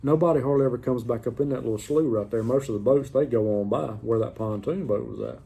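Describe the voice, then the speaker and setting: A man's voice: medium pitch, fast, creaky, breathy edge. A middle-aged man, casually telling a story to the camera in a drawling, folksy way. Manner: drawling, folksy, animated retelling.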